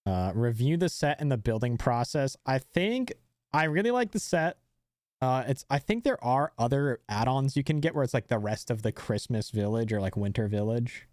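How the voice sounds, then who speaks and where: Young man, live streamer, warm mellow voice, dry close sound, rambling casual chat. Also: mid-range voice, expressive, normal speed, dry recording. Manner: rambling, many fillers and restarts.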